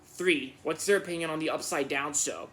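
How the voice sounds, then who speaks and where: A man reads viewer questions aloud and answers them in a relaxed, casual way. His voice is bright and sits a little high, and he stumbles, repeating words and restarting his sentences as he thinks. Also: normal speed, slight background noise. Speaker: Q&A channel host.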